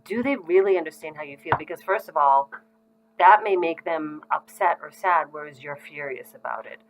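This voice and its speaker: A woman's voice: sits low, moderate pace, soft background music, rough recording. A middle-aged woman giving parents advice in a casual, conversational way, with frequent ums. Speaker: parenting educator. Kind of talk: casual instructional talk to parents.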